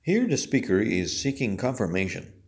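A man teaching an English lesson, explaining patiently and slowly with a strongly rising and falling voice. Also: fairly low pitch, sing-song.

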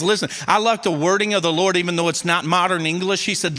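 A pastor preaching a sermon in a folksy, animated way, with a Southern Missouri accent. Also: male voice, high-pitched, fast talker, hardly any pauses. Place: church sanctuary. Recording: long church hall reverb.

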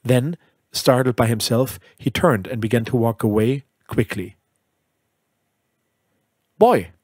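Brief: male audiobook narrator, measured and deliberate, husky tone, dry sound. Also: medium pitch, fairly even intonation, darkish tone, no echo. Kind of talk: scripted literary narration.

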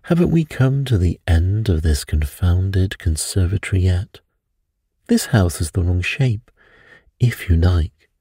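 A man's voice: low-pitched, animated, unhurried, dark tone, husky, no room sound, clean studio sound, heavily acted. A man reading a bedtime story, voicing a careless, scoffing middle-aged doctor who laughs things off.

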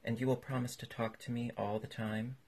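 A man reading aloud and voicing an eager, earnest young gentleman who pleads. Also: mid-range voice, flat delivery, a little fast, husky, voice pushed up. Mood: pleading.

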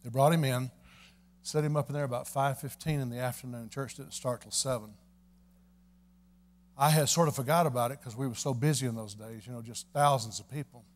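A man preaching a revival sermon in church, telling a story in a folksy way and building to fervent shouting. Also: medium pitch, steady tone, brisk. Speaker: evangelist preacher. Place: church service.

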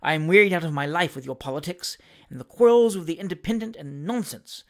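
A reader voicing a sharp-tongued, domineering middle-aged wife who speaks curtly and scornfully, lower and quieter than the narration. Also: fast, close to an everyday voice.

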